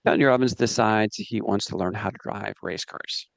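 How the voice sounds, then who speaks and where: A man leading a live business training seminar, energetic and coaxing the audience to join in. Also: fairly low pitch, moderate pace, vocal fry, no echo.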